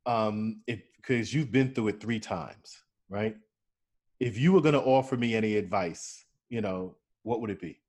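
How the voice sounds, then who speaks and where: A man's voice: on the low side, animated, darkish tone. A man co-hosting a casual talk, cutting in with swearing remarks and questions. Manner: profane, quick interjections. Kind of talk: casual chat.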